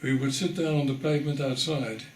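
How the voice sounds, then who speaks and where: An older man from the Netherlands giving an oral history testimony, telling his story in a measured way and pausing for weight. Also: mid-range voice, a little mellow, roomy sound, slight background noise. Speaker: interviewee.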